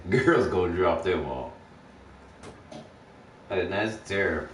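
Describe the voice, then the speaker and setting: A very low-voiced man rants bluntly, swearing often and lecturing as if preaching. He sits well back from the mic in an echoey room. Faint ambient noise sits under him. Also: distant mic. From Texas. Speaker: livestream streamer. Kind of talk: casual profane rant.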